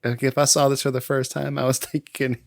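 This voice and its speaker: A man's voice: medium pitch, little pitch movement, fairly quick, gravelly, no room sound, clean studio sound. A man hosting a podcast, retelling a movie in casual chat and laughing often as he goes. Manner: laughs often, acts out quotes in passing. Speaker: podcast host.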